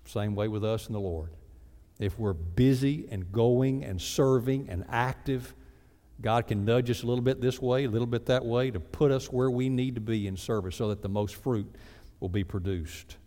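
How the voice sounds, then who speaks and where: A man's voice: medium pitch, mellow. Pastor guy preaching, acts out little prayers in silly voices, big echoey church hall. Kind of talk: sermon. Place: church sanctuary. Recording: reverberant church sanctuary.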